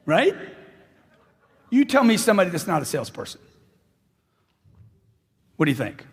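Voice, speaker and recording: With a gravelly, husky voice that sits high and swings widely in pitch, a man gives a live motivational speech at a moderate pace. He hammers the crowd with questions and repeats lines for emphasis. Long hall reverb colors the recording.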